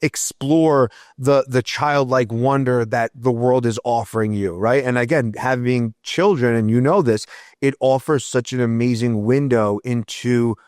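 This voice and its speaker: A man's voice: medium pitch, fairly even intonation, unhurried, darkish tone, dry recording, clean studio sound. A man in his thirties hosting a podcast, talking reflectively and often checking in with "right?". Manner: reflective, leans on "right?" tags. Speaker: podcast host. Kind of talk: casual interview chat.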